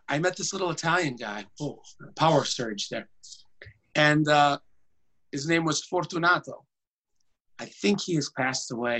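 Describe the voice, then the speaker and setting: A man, a tenor singer, telling comic stories in a conversation in an animated way. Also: on the high side, breathy edge, poor audio. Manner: animated, jumps into voices.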